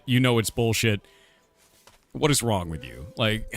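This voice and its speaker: A man's voice: medium pitch, very animated, a little slow, a bit bright, faint music behind. A middle-aged man streaming live, ranting casually in an angry, profane and emphatic way. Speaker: streamer and game developer.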